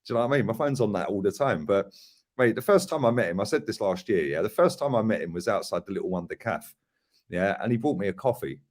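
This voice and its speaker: A man hosts a relaxed podcast chat, telling stories with animated energy and frequent laughter. His voice sits on the lower side. He talks loosely, with plenty of fillers. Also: fast talker. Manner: animated storytelling, laughs often, many fillers. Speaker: host.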